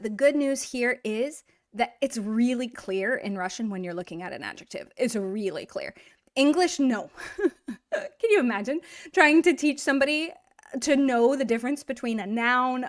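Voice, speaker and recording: A woman teaching a grammar lesson in a chatty, encouraging way, asking rhetorical questions and slowly drawing out example words. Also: on the high side. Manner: drawn-out model pronunciation of example words. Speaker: Russian language teacher.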